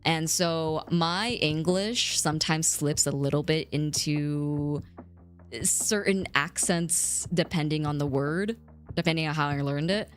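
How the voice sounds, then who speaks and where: A woman's voice: low-pitched, unhurried, faint music behind. A woman around thirty chatting casually with her live chat as a streamer, reading messages aloud and laughing often.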